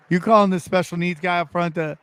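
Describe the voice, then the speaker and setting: A man talking casually as a podcast guest, rambling and animated, often calling the listener dude or bro. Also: high voice, clear, resonant tone.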